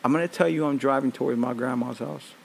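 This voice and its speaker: A man quoting his wife as a blunt, deadpan adult woman, speaking in a flat, matter-of-fact way during a comic story. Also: medium pitch, quick pace, gravelly, a little hiss or hum, lightly acted.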